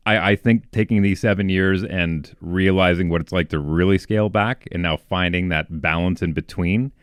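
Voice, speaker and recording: A man co-hosting a podcast, in a relaxed, reflective casual chat with frequent restarts. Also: low voice, moderate pace, no room sound, studio quality. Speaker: podcast co-host.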